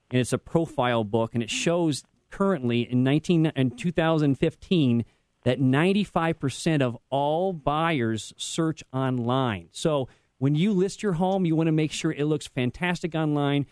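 A man's voice: fairly high pitch, normal speed, a little mellow, dry recording. A man speaking as a realtor guest on a radio show, giving advice in a rambling way with many restarts.

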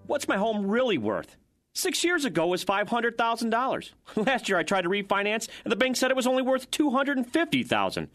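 A man's voice: extremely high pitch, sing-song, fairly quick, fairly bright tone, soft background music, full character voice. A man voicing an exasperated homeowner in a radio ad. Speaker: ad character.

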